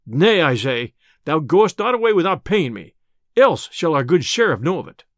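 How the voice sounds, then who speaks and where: A man's voice: a little high, very animated, moderate pace, no room sound, clean studio sound. A man voicing a greedy, timid innkeeper who wheedles and then digs in his heels. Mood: stubborn, insistent. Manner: wheedling then stubborn, archaic speech.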